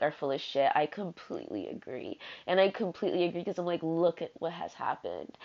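A woman's voice: lowish voice, a little mellow. Rambling, slangy young woman, muffled audio. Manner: rambling, slangy and profane, heavy on "like". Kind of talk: candid personal monologue. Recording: slightly muffled lo-fi recording.

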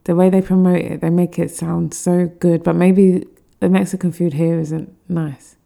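A woman's voice: fairly low pitch, little pitch movement, moderate pace, vocal fry, dark tone. A young woman co-hosting a podcast, telling rambling anecdotes in casual, teasing chat. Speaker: podcast co-host.

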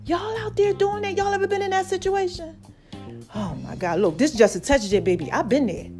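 A woman with a high voice tells a story to her viewers in a loose, chatty way. She talks with energy and emphasis and turns to her audience again and again. Soft music plays faintly behind her. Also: a little fast. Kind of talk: casual storytelling to camera.

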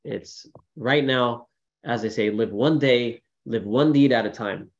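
A man, a rabbi teaching a class in a casual, storytelling way, lively when quoting people, with many fillers. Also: medium pitch, a little slow, lo-fi sound. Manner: storytelling with animated quoted voices, many fillers. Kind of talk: informal Torah class talk.

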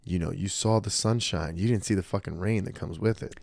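A man's voice: deep voice, fairly quick, vocal fry, a little mellow, no echo, studio quality. A man hosting a podcast, talking casually in a blunt, profane, emphatic way. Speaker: podcast host and martial arts school owner.

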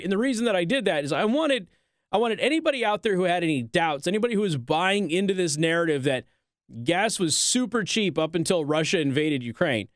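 A man hosting a talk show, delivering a sarcastic, animated political commentary monologue. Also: a little high, no echo, studio quality.

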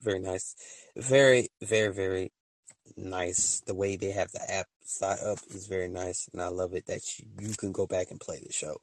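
Rambling, excitable man, dry sound. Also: sits low, moderate pace, no echo. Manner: rambling, excitable, laughs at himself, slangy. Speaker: podcast host. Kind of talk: casual solo podcast talk.

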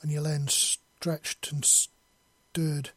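A man narrating a fantasy story in a steady, measured read. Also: on the high side, slightly rough, no room sound.

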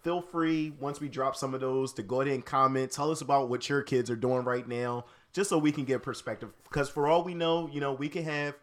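An easygoing man co-hosting a podcast in a middle-pitched voice. He rambles a little and fills his sentences with relaxed asides. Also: a little fast, few pauses. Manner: easygoing, rambling, many "you know" fillers. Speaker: podcast co-host. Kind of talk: casual podcast chat.

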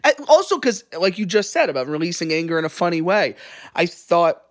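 Animated, swearing podcast co-host man. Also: high voice, a little fast, no room sound, studio quality. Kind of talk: casual podcast chat.

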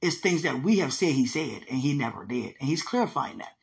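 A woman's voice: very deep voice, expressive, fairly quick, gravelly. A woman preaching in an emphatic, conversational way, teaching from a dream with repeated phrases. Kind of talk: sermon-style teaching about a dream.

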